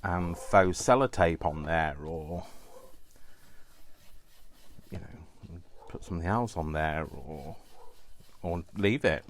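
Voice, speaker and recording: A man's voice: low voice, takes it slowly, pauses often, a little hiss or hum. A man with a Coventry accent chatting casually while crafting, rambling into self-mocking asides. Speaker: craft vlogger.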